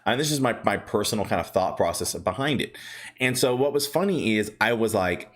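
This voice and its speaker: A man's voice: lowish voice, animated, a little fast, fairly bright tone. A man hosting a casual stock market livestream, chatty and upbeat, greeting viewers by name and telling rambling stories with lots of fillers. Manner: rambling storytelling with many fillers.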